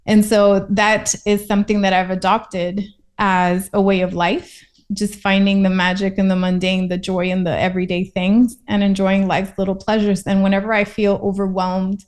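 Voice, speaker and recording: A woman's voice: medium pitch, little pitch movement, moderate pace. A woman from Puerto Rico, a guest in a casual interview, talking in a reflective, thoughtful way.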